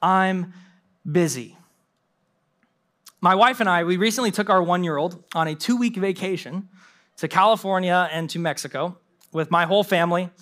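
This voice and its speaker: Young pastor guy preaching, high bright voice, acts out little voices in his stories. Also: a little fast. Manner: animated storytelling with mimicked voices and laughs. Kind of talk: sermon.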